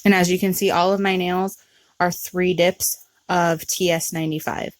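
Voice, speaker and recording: A woman with a somewhat low voice talks through a nail art tutorial step by step. Her delivery is relaxed and chatty, dotted with ums. The sound is dry, with no room echo. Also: moderate pace. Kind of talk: casual step-by-step tutorial narration.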